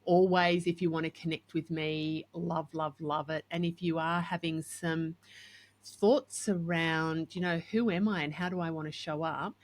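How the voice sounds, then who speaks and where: Animated woman host. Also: low-pitched, unhurried. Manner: animated, acts out quoted voices. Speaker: podcast host and coach. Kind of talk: casual chat with storytelling.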